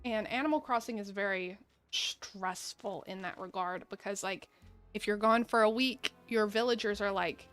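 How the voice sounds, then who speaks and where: Slightly high and a bit bright, this woman's voice moves at normal speed over soft background music. She's a gaming streamer giving casual commentary, rambling, laughing a lot and addressing her viewers.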